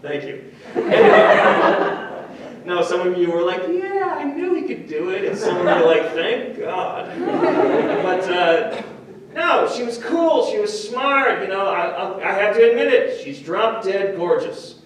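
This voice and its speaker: A young man doing a stand-up comedy set before a live audience, self-deprecating and rambling, with restarts and quick switches into other voices. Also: high voice, big pitch swings, very noisy. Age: young adult. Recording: echoey room, far from the mic.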